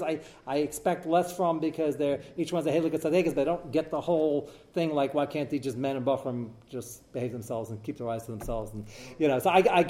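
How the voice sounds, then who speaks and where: A man's voice: fairly high pitch, darkish tone. A man hosting a talk show, telling a story in a rambling way and peppering his speech with Hebrew and Yiddish terms. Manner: repeats and restarts while telling a story.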